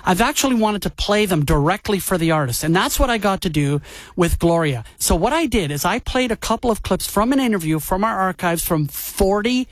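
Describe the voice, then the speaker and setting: A man's voice: high-pitched, lively intonation, fairly quick, dry recording. A man hosting a retro music show in casual chat, enthusiastic and playfully teasing. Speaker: radio show host.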